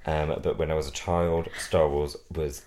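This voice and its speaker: A man with a very low voice co-hosts a podcast, talking in a camp, theatrical manner. He chats casually and throws in dramatic asides. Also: flat delivery, moderate pace, darkish tone. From Britain. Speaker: podcast co-host. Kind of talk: casual chat.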